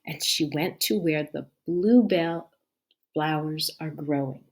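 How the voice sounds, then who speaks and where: A woman reading a children's story aloud, stopping to ask the listening children questions and often dropping to a hush. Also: low-pitched, slow pace.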